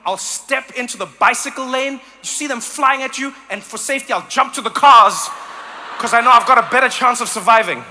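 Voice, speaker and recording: A man from South Africa doing animated stand-up comedy, slipping into mock voices. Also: extremely high pitch, fairly quick, a little hiss or hum.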